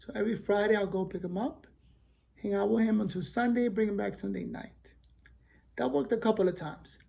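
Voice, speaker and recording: A man telling a personal story casually, acting out the dialogue with lively quoted lines. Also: sits high, fairly quick, gravelly. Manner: animated, acts out quoted dialogue.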